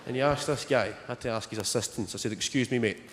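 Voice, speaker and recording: Young stand-up, wry deadpan delivery, on a big echoey stage with loud noise. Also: male voice, mid-range voice, quick pace. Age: young adult. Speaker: stand-up comedian. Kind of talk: stand-up comedy set. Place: large theatre stage.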